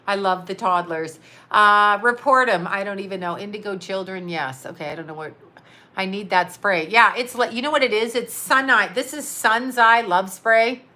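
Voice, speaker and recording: A woman's voice: mid-range voice, normal speed, bright, forceful tone. A middle-aged American woman, a psychic medium, rambling through a casual livestream story with laughs and swearing. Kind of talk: casual livestream chat reading comments.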